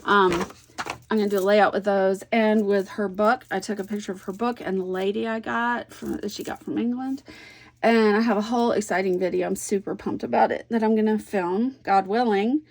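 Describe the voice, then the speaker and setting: Chatty woman with a gravelly edge. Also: medium pitch, fairly even intonation, a little fast. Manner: chatty, warm storytelling with soft asides. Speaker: scrapbooking vlogger. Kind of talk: casual chat while crafting.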